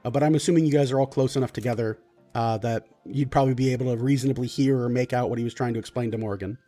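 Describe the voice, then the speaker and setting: This is a male game master narrating a tabletop role-playing session, describing the scene piece by piece and often pausing and restarting. His voice is mellow and dark at a middle pitch, with faint music underneath. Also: steady tone.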